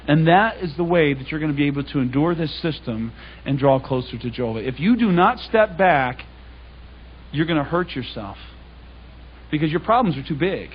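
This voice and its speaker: A man's voice: a little high, dull audio, slight background noise. A man giving a public Bible talk, telling stories in a casual, conversational way and acting out the dialogue. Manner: conversational, anecdotal, acts out dialogue. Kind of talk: storytelling sermon.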